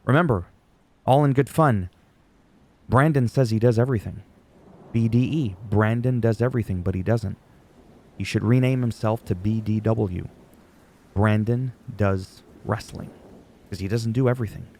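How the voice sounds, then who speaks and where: A man's voice: on the low side, moderate pace, long pauses, mellow. A man whose first language is French, ranting sarcastically and profanely as a YouTuber recapping wrestling. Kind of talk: ranting casual commentary.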